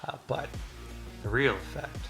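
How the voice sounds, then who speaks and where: A gravelly, self-assured war commander in a tabletop game , played by a man lays out an attack plan in brisk, folksy orders. Steady music plays clearly behind the voice. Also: medium pitch. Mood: commanding. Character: confident veteran male commander planning an assault.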